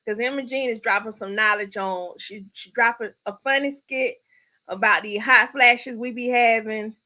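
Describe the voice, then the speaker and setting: A woman hosts a casual live stream and greets her viewers one by one. She is playful and chatty with them. Her voice is high and bright, with a forceful edge. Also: normal speed.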